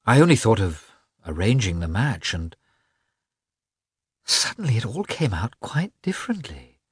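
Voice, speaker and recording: A man's voice: on the low side, very animated, unhurried, breathy edge, no echo, clean studio sound, voice pushed up, heavily acted. A man doing a tearful young noblewoman. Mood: earnest, tearful.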